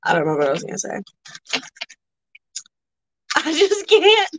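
A woman's voice: on the high side, wildly swooping pitch, moderate pace, vocal fry, no echo, poor audio. A young woman chatting casually while selling items on a live stream, teasing viewers and rambling, a bit tired. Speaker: live auction seller.

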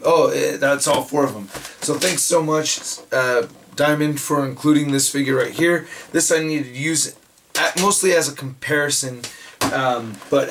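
A man with a hoarse, raspy voice, chatting excitedly and rambling as he unboxes toys for his channel. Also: mid-range voice, a little hiss or hum. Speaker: toy reviewer. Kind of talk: casual unboxing chat.

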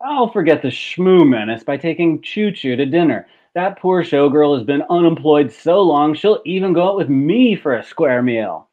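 A gloating, greedy factory owner, read by a man in a hammy comic style. His voice sits a little high and comes through a tinny, phone-like video call line. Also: expressive, moderate pace, hardly any pauses, lightly acted. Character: greedy gloating male industrialist.

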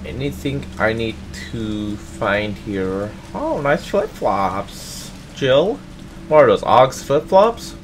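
Slow-paced and mid-range, this man's voice carries slight background noise. On his gaming channel he offers relaxed, playful let's-play commentary, excitable and addressing the audience head-on.

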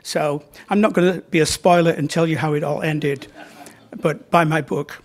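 A man's voice: on the high side, steady tone, normal speed. A man giving an informal library talk about his novels, conversational and joking, with fillers as he points to slides.

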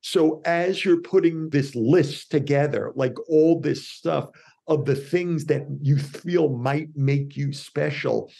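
Gravelly, husky male storyteller. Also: a little high. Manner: animated storyteller voicing quoted characters. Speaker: podcast guest, differentiation expert. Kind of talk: storytelling in an interview.

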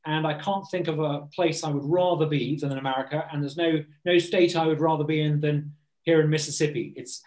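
A man's voice: a little high, a little mellow, roomy sound. A man from Britain, a think tank president, speaking earnestly and eagerly as a guest on a video call interview, often restarting his words.

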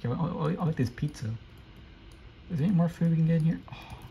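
A young man giving live, excitable commentary while playing a video game, often repeating quick exclamations. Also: a little high, gravelly, slight background noise, low-quality recording. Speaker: gameplay streamer.

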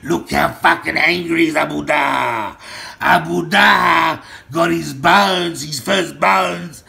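A man in an angry, rambling monologue, shouting names and threats and swearing constantly. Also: on the high side, vocal fry. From Australia. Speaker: self-styled gang boss ranting to camera.

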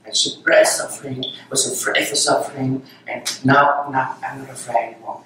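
A male Zen teacher gives a dharma talk in a meditation hall, unhurried and repeating short phrases. His voice sits at an ordinary middle pitch. It rings with heavy echo, picked up from well back in the room. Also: fairly even intonation, pushed and bright, slight background noise. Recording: very echoey hall, voice from far off.

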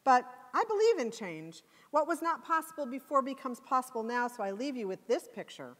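A woman's voice: sits high, big pitch swings, a little fast. A woman giving a passionate, emphatic conference talk. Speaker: conference speaker. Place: conference hall. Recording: long hall reverb.

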